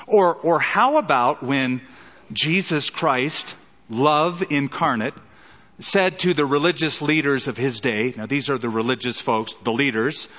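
A man's voice: mid-range voice, a little slow, fairly bright tone, in a large hall, muffled recording. A middle-aged man preaching a sermon as a pastor, emphatic, with rhetorical questions and dramatic quoted lines.

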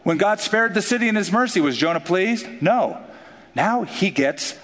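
A man preaching a sermon in an animated, joking way, acting out the voices of the people in his stories. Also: sits high, moderate pace. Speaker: pastor. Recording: long hall reverb.

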